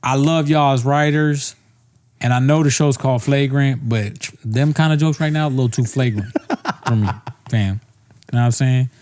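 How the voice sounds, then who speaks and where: A man's voice: mid-range voice, normal speed, darkish tone, lightly acted. A man doing an impression of a laid-back male comedian, drawling street slang and tacking "you know what I'm saying" onto his lines. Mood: sheepish.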